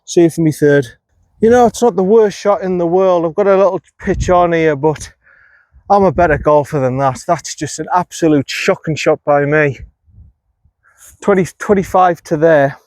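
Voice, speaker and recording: A fairly high-pitched man talks himself through each golf shot out on an open course, picking apart his own play. His voice comes across dry and close on a phone camera. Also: normal speed, darkish tone, no room sound. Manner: self-critical, talks to himself. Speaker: golf vlogger. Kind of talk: running commentary while playing golf. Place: outdoors on an empty golf course.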